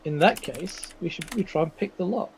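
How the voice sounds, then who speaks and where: A man's voice: high-pitched, expressive, normal speed, vocal fry, slight background noise. A man playing a tabletop game, polite and inquisitive, asking the game master careful questions. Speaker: player. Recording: dull, lo-fi online audio.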